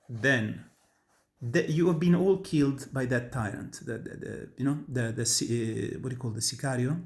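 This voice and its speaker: An Italian-accented man with a somewhat high speaking voice explains how to sing an aria. He teaches earnestly and emphatically, often breaking off and restarting his sentences as he works through his points. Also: expressive, normal speed, darkish tone. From Italy. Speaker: opera tenor and voice teacher. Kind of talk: instructional talk on singing.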